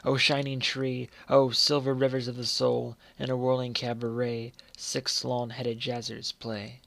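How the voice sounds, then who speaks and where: A man reciting poetry in a measured way, letting the ends of lines fall quiet. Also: medium pitch, monotone, creaky, no echo. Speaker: poetry reader.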